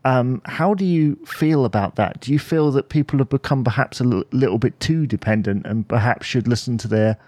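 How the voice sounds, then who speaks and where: A man's voice: medium pitch, a little mellow, dry recording. Hesitant male host, dry sound. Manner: hesitant, halting with "um" and restarts. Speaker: podcast host, interviewer. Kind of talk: interview questions.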